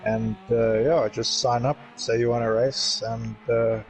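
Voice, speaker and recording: A man who grew up in the Middle East, co-hosting a race stream in a relaxed, easygoing way. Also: mid-range voice, measured pace, vocal fry, soft background music, poor audio. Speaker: livestream co-host. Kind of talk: casual commentary.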